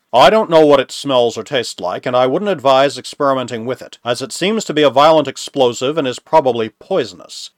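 A man reading a novel aloud, voicing a scheming male businessman who speaks smoothly and persuasively. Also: mid-range voice, no echo, clean studio sound, natural voice. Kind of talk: audiobook reading.

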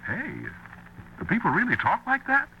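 Stammering, smitten young time traveler. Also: male voice, very high-pitched, huge pitch swings, moderate pace, bright, forceful tone, lo-fi sound, heavily acted. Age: young adult. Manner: stammering, hesitant, full of fillers. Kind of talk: 1950s radio acting. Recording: hissy old radio recording.

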